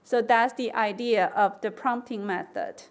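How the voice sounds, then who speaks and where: A woman giving an academic conference lecture, explaining testing steps and acting out example prompts with slow, stressed words. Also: on the high side. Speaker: conference speaker.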